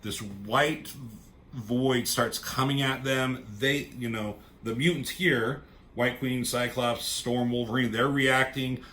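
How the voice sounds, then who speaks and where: A man casually reviewing a comic book storyline, rambling and excited, with casual swearing. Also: medium pitch, slow. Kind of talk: casual chat.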